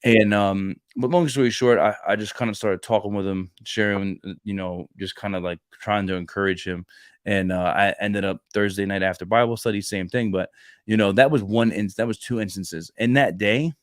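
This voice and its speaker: A man in his thirties co-hosting a podcast, chatting casually about faith and telling stories with lively acted-out dialogue. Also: fairly low pitch, normal speed, no echo, studio quality. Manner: animated storyteller who acts out dialogue and restarts often. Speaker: podcast co-host. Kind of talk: casual faith chat, storytelling.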